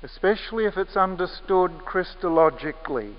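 A man preaching a sermon with measured, emphatic phrasing, leaning on repeated key words. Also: high voice, expressive. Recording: echoey hall, muffled lo-fi sound.

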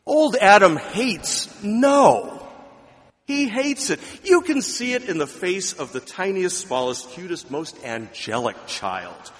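A man preaching a sermon, emphatic, swinging between loud declarations and quiet asides. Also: high voice, sing-song, slow, in a large hall. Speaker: pastor.

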